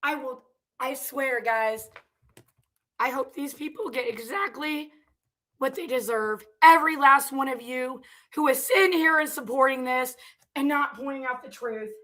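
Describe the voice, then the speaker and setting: A woman's voice: sits high, unhurried, fairly bright tone. A woman vlogger reading viewer comments aloud and reacting with heated, profane, confrontational ranting.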